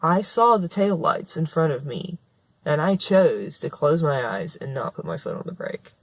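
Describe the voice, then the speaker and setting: A woman's voice: deep voice, expressive, normal speed, no echo. A woman talking straight to camera in a vlog monologue, earnest and conversational, who restarts her sentences and repeats her points for emphasis. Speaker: author and vlogger. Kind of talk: spoken-word vlog monologue.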